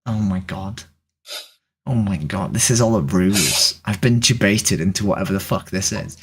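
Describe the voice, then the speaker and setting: A woman's voice: very deep voice, normal speed, background noise. A trans woman hosting a video chat stream, joking and teasing strangers in casual talk. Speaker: livestream host chatting with strangers. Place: home room, seated at camera.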